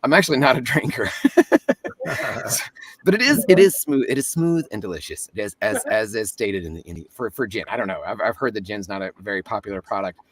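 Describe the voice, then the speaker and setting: A man's voice: lowish voice, expressive, fast talker, few pauses, a bit bright, breathy edge, no echo, recorded from a distance. A man, a voice actor, talking as a guest in a casual interview, chatty and joking, often laughing.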